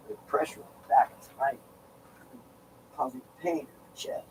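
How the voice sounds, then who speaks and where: A man's voice: mid-range voice, moderate pace, a little mellow, far from the mic, low-quality recording. Rambling man, set back from the mic. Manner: rambling, interrupts himself, groans about discomfort. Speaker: vlogger. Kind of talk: casual reading aloud with asides. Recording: set back from mic, faint background noise.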